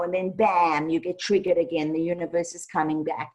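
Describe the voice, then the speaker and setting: A woman who is a spiritual teacher, giving practical advice in a casual satsang talk with animated, lively delivery. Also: lowish voice, normal speed, hardly any pauses, poor audio.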